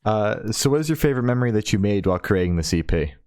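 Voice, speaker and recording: A male podcast host chatting casually with his guest, swearing freely and leaning on fillers. His voice swings widely in pitch as he talks. The sound is dry and close. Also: lively intonation, fast, a little mellow, clear, resonant tone, dry recording. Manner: loose, swears freely, uses many fillers. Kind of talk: casual interview chat.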